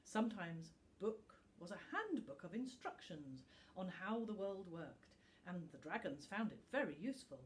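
A woman, a school teacher, reading a bedtime story aloud in a calm, gentle manner with dramatic pauses. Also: medium pitch, slight background noise.

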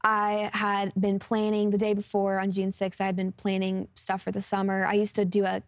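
A woman of about twenty, a guest singer, shares her personal testimony in an interview, speaking earnestly and openly with frequent fillers like "um" and "like." Her medium-pitched voice is monotone at a moderate pace, recorded in studio quality with no echo.

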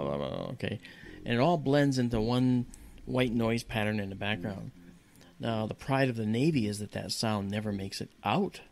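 A man telling a story on a podcast in a lively, casual way and acting out the dialogue. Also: fairly low pitch, gravelly, a little hiss or hum. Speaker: podcast guest. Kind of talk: casual spoken anecdote.

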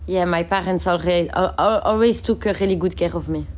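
A woman's voice: fairly low pitch, a little fast, a little mellow. A young woman, sick, chatting casually on a livestream from her bedroom, reading out viewer comments and laughing often.

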